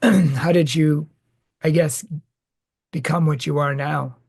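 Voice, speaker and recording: Male host with a gravelly, husky voice; eager, easygoing interviewer. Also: a little high, fairly even intonation, unhurried, darkish tone. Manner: eager, conversational, loose phrasing. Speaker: podcast host. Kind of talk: casual faith interview.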